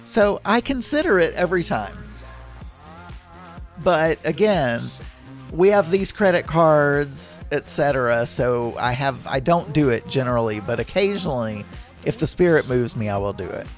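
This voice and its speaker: A man's voice: fairly high pitch, lively intonation, normal speed, soft background music. A man hosting his own podcast, chatting casually in a rambling way and laughing easily as he talks from home. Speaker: podcast host. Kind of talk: casual solo podcast monologue.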